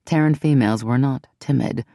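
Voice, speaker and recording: An audiobook narrator telling a fantasy romance in an even, measured way. The voice is gravelly and mellow, recorded close and dry. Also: medium pitch, dry recording. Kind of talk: scripted narration.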